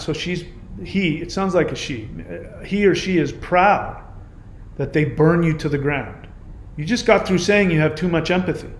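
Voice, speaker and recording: A man's voice: fairly high pitch, normal speed. Emphatic man, roomy echo. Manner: emphatic, repetitive, indignant. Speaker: YouTube channel host. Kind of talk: impassioned reaction monologue.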